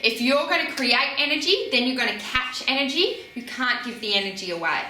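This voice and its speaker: A woman, coaching riders in a casual, animated way, laughing and acting out what riders think. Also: a little high, fairly quick, a little hiss or hum. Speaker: riding coach. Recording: echoey, from a distance from the mic.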